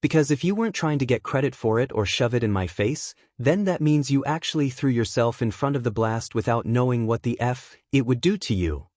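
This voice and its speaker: A man reading fan fiction aloud and voicing a hot-tempered young man who snarls and shouts insults. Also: medium pitch, lively intonation, a little fast, few pauses, dry recording, clean studio sound, lightly acted. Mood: angry. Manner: angry shouting, crude insults.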